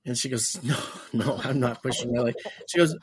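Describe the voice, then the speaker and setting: A man with a husky, slightly breathy voice at a mid pitch. He is a minister and podcast guest, telling stories casually and acting out the lines of the people in them. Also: normal speed. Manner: animated storyteller, acts out quoted dialogue with restarts. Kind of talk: casual storytelling.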